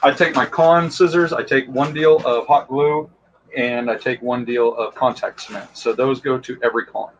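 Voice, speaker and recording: A man's voice: mid-range voice, steady tone, normal speed, muffled recording. A man who makes costumes and props, talking casually and with enthusiasm about his tools, full of fillers. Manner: enthusiastic, rambling, many fillers. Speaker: costume and prop maker guest. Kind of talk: casual how-to talk.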